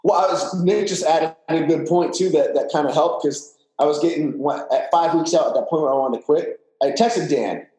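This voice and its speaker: A man on a podcast recounts things in loose, candid chat, with lots of fillers and casual swearing. His voice sits a bit higher than most men's, and it rings around a roomy, echoey space. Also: moderate pace, few pauses, warm tone. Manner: candid, profane, filler-heavy storytelling. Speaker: podcast guest. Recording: roomy echo.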